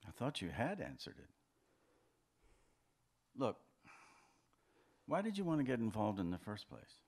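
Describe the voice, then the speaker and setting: A man's voice: on the low side, wildly swooping pitch, measured pace, darkish tone, breathy edge, full character voice. Andy, a man reading an insecure, pleading lover. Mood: anxious. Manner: hesitant and pleading, stammers. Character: insecure, anxious man in a secret affair. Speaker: reader of a story's dialogue. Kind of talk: live fiction reading.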